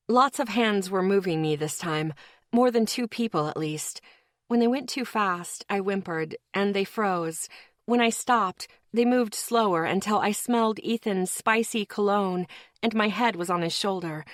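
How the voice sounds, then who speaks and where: Audiobook narrator: woman, measured, slow delivery, dry close mic. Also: medium pitch, no echo. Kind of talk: first-person audiobook narration.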